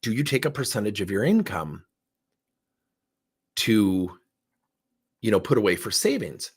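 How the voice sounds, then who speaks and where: With a husky, lowish voice and a slightly slow pace, a middle-aged coach trainer narrates a story in a session. He brings it to life animatedly, performing the characters' lines theatrically.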